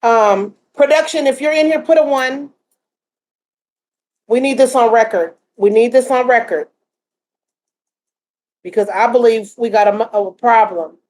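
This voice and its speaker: A woman hosting a talk show, repeatedly reassuring and calming her guest. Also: fairly high pitch, measured pace, pauses often. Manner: soothing, reassuring, repetitive. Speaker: host.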